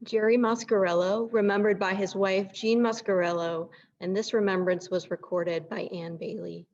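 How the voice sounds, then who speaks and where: A woman announcing each memorial remembrance in a measured, formal way, on a dull lo-fi recording. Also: medium pitch, fairly even intonation, a little mellow. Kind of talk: read announcements.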